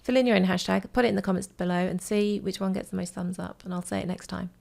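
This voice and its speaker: A woman vocal coach chatting to her viewers in a casual vlog, her mid-range voice carrying a noticeable gravelly fry. She rambles warmly through her thoughts with plenty of fillers and affectionate asides. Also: mid-range voice, fairly even intonation, fast talker. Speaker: vocal coach reviewing a song.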